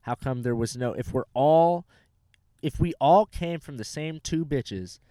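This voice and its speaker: A young man hosting a podcast, teasing his guest with dark jokes and swearing, recorded inside a car. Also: mid-range voice, measured pace, smooth, dry recording. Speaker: podcast host. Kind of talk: casual podcast chat.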